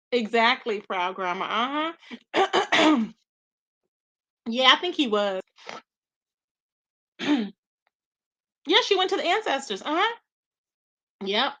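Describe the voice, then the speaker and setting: A woman hosting a live stream who reads viewers' chat aloud and gives gossip commentary in an animated, expressive way, laughing often and talking straight to her audience. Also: high voice.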